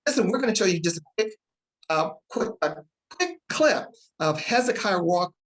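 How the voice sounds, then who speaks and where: A woman hosting a talk show, excited and emotional as she introduces her guest. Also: medium pitch, poor audio. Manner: excited, fast-talking, emotional.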